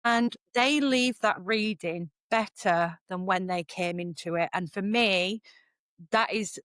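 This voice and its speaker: A middle-aged woman, a psychic medium guest on a podcast who talks in a lively, chatty storytelling way. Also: mid-range voice, takes it slowly, smooth, no room sound, studio quality. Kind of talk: casual podcast conversation.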